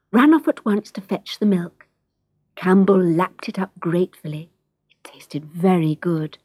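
A woman reading a children's storybook aloud, gentle and expressive, often dropping into a whisper. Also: on the low side, breathy edge, no room sound.

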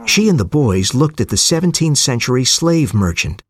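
A man reading an audiobook story aloud in a clear, steady storytelling manner. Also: medium pitch, moderate pace. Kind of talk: audiobook narration.

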